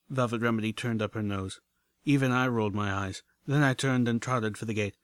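A man narrating a first-person adventure story in a steady, measured reading. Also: medium pitch, no echo, studio quality. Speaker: audiobook narrator.

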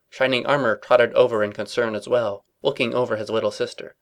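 A man's voice: mid-range voice, fairly even intonation, brisk, few pauses. A man reading comedic fan fiction aloud as narrator, with dry, mock-serious storytelling.

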